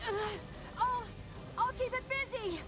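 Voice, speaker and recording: A woman's voice: very high-pitched, a little slow. A woman voicing a timid young boy. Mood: urgent. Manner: hesitant, anxious. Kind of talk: video game voice acting. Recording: game audio with music.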